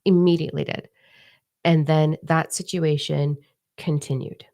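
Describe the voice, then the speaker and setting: Low, gravelly woman in candid chat. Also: steady tone, measured pace, warm tone. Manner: candid, swears freely, acts out her own reactions. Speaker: host of a spiritual live chat. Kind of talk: casual live-stream chat. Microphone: microphone in front of her face.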